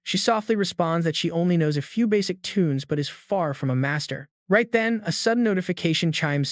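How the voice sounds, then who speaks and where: A man narrating a manhwa recap as a scripted, dramatic story, in a smooth, even manner without fillers. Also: a little high, brisk, hardly any pauses, no room sound, studio quality.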